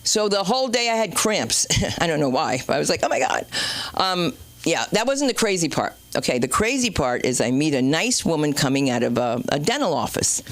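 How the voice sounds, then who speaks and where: A woman comedian hosting an open mic night, telling a rambling stand-up story with swearing and sudden loud and low turns. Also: a little fast, no room sound. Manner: animated, swearing, jumps between loud and low. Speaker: comedian and show host. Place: small comedy club stage.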